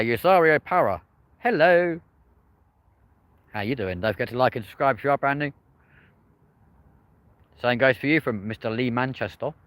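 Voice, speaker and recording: A live-stream plane spotter stands outdoors next to an airport, recording on his phone and giving chatty, upbeat commentary. His voice is lowish and fairly bright with no room sound, and he calls his viewers friends and folks.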